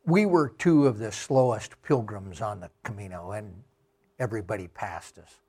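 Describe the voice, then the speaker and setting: A middle-aged man giving a talk with slides, telling travel anecdotes slowly with many fillers. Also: lowish voice, a little mellow, breathy edge. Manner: slow, unhurried anecdotes with fillers. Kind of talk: storytelling talk.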